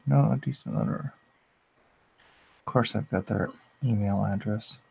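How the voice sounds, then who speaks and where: A man's voice: on the low side, measured pace, gravelly, lo-fi sound, a little hiss or hum. A man hosting a drawing livestream, chatting casually with viewers and reading the chat aloud with amusement. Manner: relaxed, chatty, reads the chat aloud and laughs at it.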